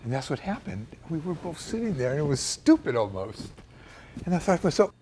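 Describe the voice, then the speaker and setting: An older man telling a personal memory in a reflective, emotional way, dropping to a hush at times. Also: a little high, sing-song, a little fast, slight background noise. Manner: reflective and emotional, with quiet hushed passages. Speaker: storyteller recounting a personal memory. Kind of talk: personal storytelling to camera.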